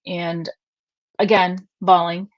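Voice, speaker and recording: Middle-aged woman guest, earnest storyteller, slightly low voice, dry close sound. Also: little pitch movement, takes it slowly, dry recording, highs cut off. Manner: emotional, earnest, quotes others at length. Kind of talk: conversational storytelling.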